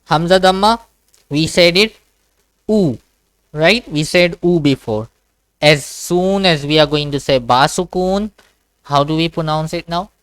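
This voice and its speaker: A man teaches Quran reading in a one-to-one online lesson, slowly repeating each sound and checking in with "okay?" His voice is smooth and clear, and the sound is dry and close. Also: a little high, a bit bright, dry recording. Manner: patient, repetitive, checks understanding with "okay?". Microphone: video call.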